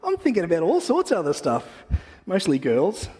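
A man preaching a sermon in a church, praying and then telling a personal story in a casual, animated way with self-deprecating humor. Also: high voice, normal speed, big-room sound. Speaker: pastor. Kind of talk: sermon with prayer and personal anecdote.

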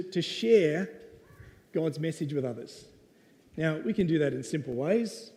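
Man, sermon, mellow higher voice, long hall reverb. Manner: conversational and playful, with lots of "right?". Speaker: preacher. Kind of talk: casual storytelling sermon.

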